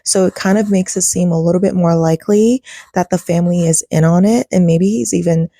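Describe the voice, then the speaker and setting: A woman's voice: fairly low pitch, steady tone, fairly quick, mellow, no echo, studio quality. A woman hosting a casual reaction commentary, talking to her viewers in a chatty way. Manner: chatty, addresses viewers as y'all. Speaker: host.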